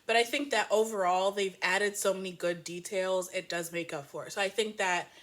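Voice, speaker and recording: A woman reviewing a book and its TV adaptation in a casual, animated way, laughing often and making playful asides. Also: mid-range voice, normal speed.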